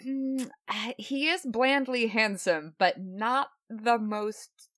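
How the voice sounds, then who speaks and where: A woman hosting a podcast in casual chat, laughing easily and unhurried. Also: a little high, a bit bright, dry recording, clean studio sound. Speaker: podcast host.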